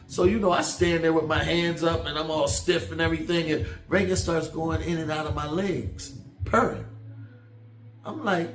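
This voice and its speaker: A man's voice: on the high side, fairly even intonation, normal speed. Man, motivational speaker, folksy storytelling, preachy, echoey room. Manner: folksy, down-home storyteller who turns preachy. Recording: roomy echo with faint background music.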